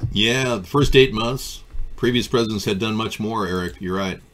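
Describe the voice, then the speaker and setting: A man's voice: lowish voice, normal speed, a bit bright. A man hosting a live political talk stream, riffing sardonically on viewer comments. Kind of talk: casual political chat.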